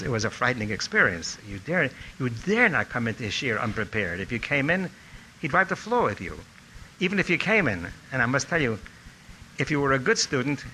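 Very bright-voiced older man telling stories. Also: medium pitch, a little hiss or hum, poor audio. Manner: animated storytelling, acting out quotes. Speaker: speaker recalling a teacher. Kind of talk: anecdotal reminiscence.

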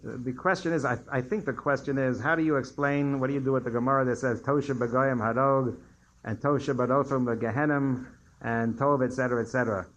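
An older man lecturing a room of students as their rabbi. He wanders into stories and asides, then rises sharply in pitch to press a point home. His voice sits at an ordinary middle pitch. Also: steady tone, brisk, a bit bright, muffled recording. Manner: digressive storyteller, emphatic rises on key points. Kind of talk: lecture with questions from audience.

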